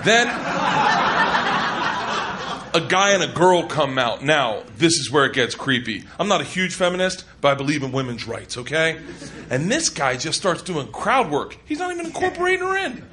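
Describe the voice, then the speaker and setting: A man's voice: fairly high pitch, big pitch swings, moderate pace, background noise. Rambling, crude stand-up storyteller man. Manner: rambling, crude, self-mocking, yelling bursts. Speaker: stand-up comedian. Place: comedy club stage. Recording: live club recording with loud crowd.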